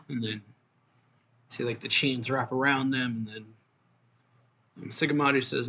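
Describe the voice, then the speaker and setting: A man casually retelling a comic chapter in a mid-pitched voice, rambling with lots of fillers and raising his tone for quoted lines. A faint hiss sits under the recording. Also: steady tone, a little slow, pauses often, a bit bright. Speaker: manga reviewer. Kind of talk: casual recap reading out manga dialogue.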